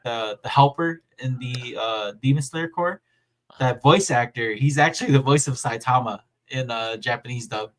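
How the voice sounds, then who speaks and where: A man hosting a casual podcast, chatting and recapping scenes in an animated way, often laughing as he retells them. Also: mid-range voice. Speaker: podcast host.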